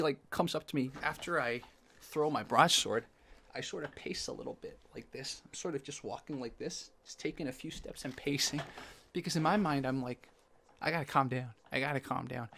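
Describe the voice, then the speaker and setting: Young male vlogger, animated storyteller, slightly high voice, dry close sound, outdoors. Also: vocal fry, no echo. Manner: animated, acts out quoted lines. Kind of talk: casual storytelling to camera. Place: outdoors in sunlight.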